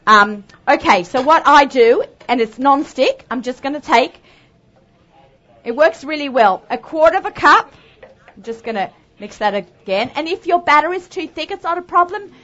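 Chatty Australian woman, high voice. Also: expressive, moderate pace, a bit bright. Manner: chatty, upbeat, lots of asides. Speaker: cooking show host. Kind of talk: live cooking demonstration. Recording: dull lo-fi sound.

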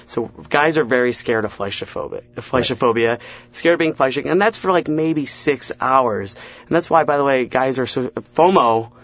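A young man at a middling pitch, trading jokes in a relaxed interview and breaking into little acted-out voices mid-story. He's self-deprecating and quick, tumbling from one bit to the next. The recording sounds a bit dull and lo-fi. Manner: quick joke-telling with acted-out asides and self-deprecating laughs. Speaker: comedian guest. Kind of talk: casual interview chat, telling stand-up bits.

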